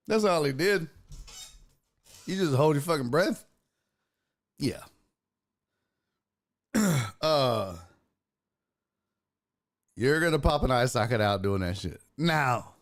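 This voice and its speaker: A man's voice: medium pitch, slow, long pauses. A young man hosting a casual sports podcast, joking around and cursing freely. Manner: profane, animated, joking. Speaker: podcast host.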